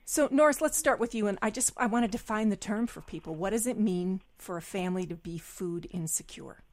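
A woman hosting a news radio program, asking questions and introducing stories in a measured way. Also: mid-range voice. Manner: measured, clear interviewer.

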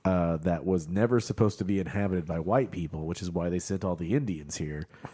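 A man's voice: sits low, a little fast, warm tone, slightly rough. This is a man from Oklahoma talking through a TV episode on a casual podcast, rambling along with plenty of fillers and restarts. He laughs often as he recaps scenes for his co-hosts. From Oklahoma, United States. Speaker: podcast co-host.

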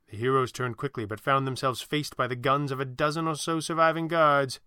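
A man narrating an adventure story in a steady, vivid storytelling style. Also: medium pitch, brisk, hardly any pauses, smooth, no room sound, studio quality.

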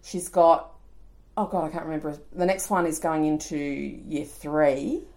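A woman in her forties with an Australian accent co-hosts a podcast, telling a story in casual conversation. Her voice is deep and gravelly, a little slow, and she narrates with animation, laughing and acting out voices.

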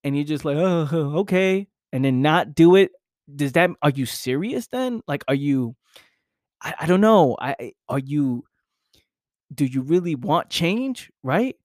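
A man's voice: on the high side, expressive, normal speed, a little mellow, no room sound, studio quality. A young adult man giving an intense, profane motivational monologue, full of repetition and rhetorical questions. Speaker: motivational speaker.

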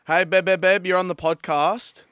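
A man's voice: high-pitched, level tone, normal speed, pushed and bright, clear, resonant tone, dry recording, clean studio sound. A man co-hosting a podcast, easygoing and wry, moving the chat along. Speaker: podcast co-host. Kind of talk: casual chat.

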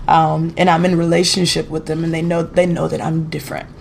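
A woman's voice: sits low, little pitch movement, fairly quick, creaky, a little mellow, slight background noise. A woman telling a story as a guest singer on a podcast interview, chatty and rambling, full of "like" and "you know".

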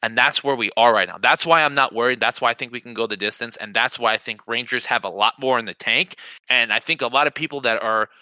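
A man co-hosting a podcast in casual sports chat, talking in an animated, excitable way and often repeating words as he starts a sentence. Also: medium pitch, quick pace, no echo. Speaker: podcast co-host.

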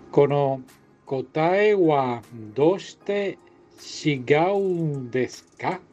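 A man's voice: on the high side, animated, slow pace, long pauses, mellow, muffled recording, soft background music. A man working through a language app lesson, chatty and often repeating and correcting himself. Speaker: language tutor. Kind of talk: casual lesson walkthrough.

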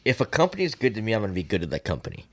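A middle-aged man on a casual podcast, telling fishing stories with plenty of swearing. His voice sits fairly low. He perks up and gets animated when he acts out what people said. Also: rapid-fire, slightly rough. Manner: profane, storytelling, animated when reenacting. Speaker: podcast guest, swimbait angler.

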